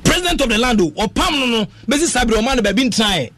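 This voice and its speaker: A man's voice: very high voice, expressive, quick pace, a crowd in the background. A man with a Ghanaian accent talking football passionately on a radio sports show, mixing English and Twi and breaking into sing-song phrases. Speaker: radio sports talk panelist. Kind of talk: animated radio sports talk.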